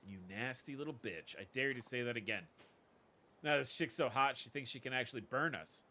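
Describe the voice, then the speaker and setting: A man's voice: medium pitch, a little fast, sharp tone, a little hiss or hum, close to an everyday voice. A man voicing cocky, sleazy male club touts who push women with leering come-ons.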